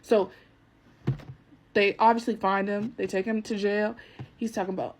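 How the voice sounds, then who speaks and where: A woman's voice: medium pitch, normal speed, pauses often. Woman telling a story emphatically and profanely. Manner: animated, profane, emphatic retelling. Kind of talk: casual storytelling to camera.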